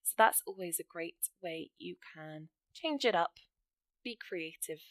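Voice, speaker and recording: A woman's voice: on the low side, animated, measured pace, no room sound. Upbeat woman teaching grammar. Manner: encouraging, talks through examples step by step. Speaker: English teacher. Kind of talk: explaining writing exam grammar.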